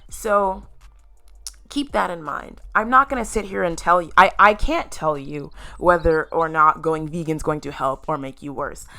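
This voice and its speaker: Gravelly-voiced woman vlogger, candid. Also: low-pitched, normal speed, pushed and bright. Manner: candid and emotional, sometimes tearful; emphatic, addresses viewers directly. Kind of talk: personal video talk to camera.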